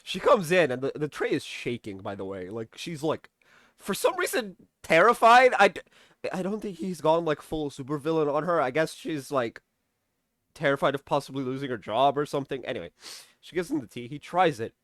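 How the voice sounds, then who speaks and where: A man's voice: a little high, big pitch swings, fairly quick, a bit bright, dry recording, studio quality. A young man recapping a TV episode in a casual, rambling way, swearing freely and tossing in sarcastic mock quotes of the characters. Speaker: TV episode reviewer.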